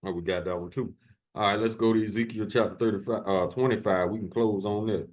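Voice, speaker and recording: A man's voice: lowish voice, steady tone, fairly quick, a little mellow. A man preaching fiery sermons, reading verses aloud in solemn tones and then taunting his enemies with profanity.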